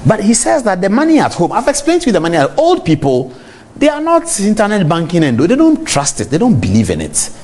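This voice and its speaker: Animated Ghanaian man hosting TV. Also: high voice, a little fast. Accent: Ghanaian English. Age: middle-aged. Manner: animated, talks straight to viewers. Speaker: TV talk show host. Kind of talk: on-air commentary.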